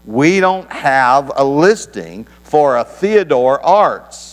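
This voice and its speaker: A man's voice: medium pitch, very animated, slow pace, pitched above the performer's own voice. A man voicing a curt, impatient female telephone operator in a sermon anecdote. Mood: snappish. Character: snappish female phone operator.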